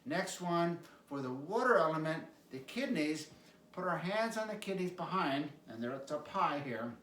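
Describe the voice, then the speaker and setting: A man teaching qigong, calmly cueing stretches and breathing sounds with repeated prompts. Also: fairly high pitch, moderate pace, slight background noise. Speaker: qigong instructor. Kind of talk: guided exercise instruction. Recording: echoey room, mic at a distance.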